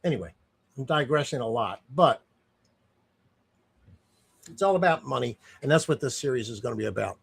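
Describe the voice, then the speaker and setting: A man's voice: mid-range voice, animated, normal speed, gravelly, long pauses, slightly rough. A man giving casual, indignant commentary as a streamer, rambling and restarting often.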